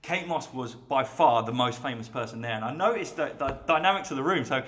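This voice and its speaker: A man's voice: medium pitch, brisk, slight background noise. A man telling bartending anecdotes in a casual chat, acting out the voices of people in his stories. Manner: animated storyteller, acts out quoted voices. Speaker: guest bartender. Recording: roomy echo.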